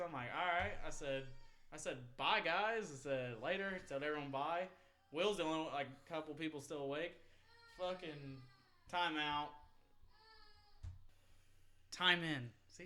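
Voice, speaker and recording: Young man, somewhat high voice, rambling profane storytelling, laughs a lot, casual podcast chat. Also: bright, forceful tone. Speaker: podcast host.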